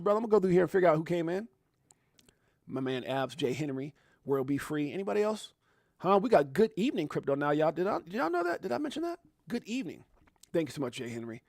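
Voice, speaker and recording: A man hosting a casual livestream, talking straight to his viewers in an animated, chatty way. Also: on the high side, fast, vocal fry, no echo, clean studio sound. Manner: animated, talks directly to viewers with shout-outs. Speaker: livestream host.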